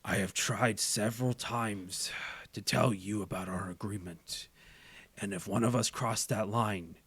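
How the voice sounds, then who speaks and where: A man putting on the voice of an imposing male crime boss, talking slowly and with cold menace. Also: fairly even intonation, a bit bright, breathy edge, heavily acted. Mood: menacing. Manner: slow, low, threatening delivery. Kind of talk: impression of a villain in casual chat.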